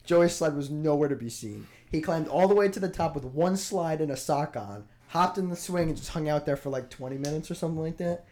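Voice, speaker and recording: A young man chatting casually on a podcast, reacting fast and laughing easily. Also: fairly high pitch, a little mellow. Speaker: podcast co-host. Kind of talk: casual chat.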